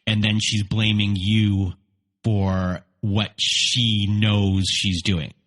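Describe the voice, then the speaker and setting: A man hosting an interview, asking slow, searching questions with hesitant fillers. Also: lowish voice, little pitch movement, fairly bright tone. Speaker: host. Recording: long room reverb.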